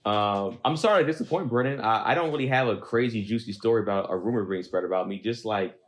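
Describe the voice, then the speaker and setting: A young man with a fairly low voice chats on a podcast. He rambles through stories and pokes fun at himself. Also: quick pace. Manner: rambling, self-deprecating storyteller. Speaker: podcast host. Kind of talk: casual podcast chat.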